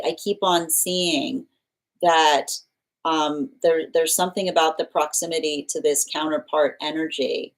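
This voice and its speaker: Rambling woman giving a tarot reading. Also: rough recording. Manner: rambling, repeats phrases, restarts often; bursts into laughter and animated pitch jumps. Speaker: tarot reader. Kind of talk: live tarot reading monologue.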